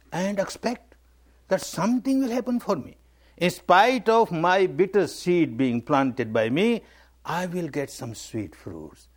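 A man giving a spiritual talk, emphatic and repetitive, stressing key words. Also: a little high. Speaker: meditation teacher. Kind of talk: dharma talk.

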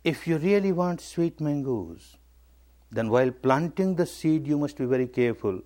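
A man's voice: a little high, expressive, moderate pace, mellow. A man giving a spiritual talk, emphatic and repetitive, stressing key words. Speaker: meditation teacher. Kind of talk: dharma talk.

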